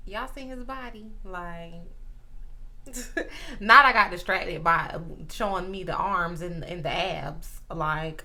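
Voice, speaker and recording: A woman's voice: lowish voice, takes it slowly, sharp tone. A woman hosting a reaction video, chatting casually to her viewers and giggling often.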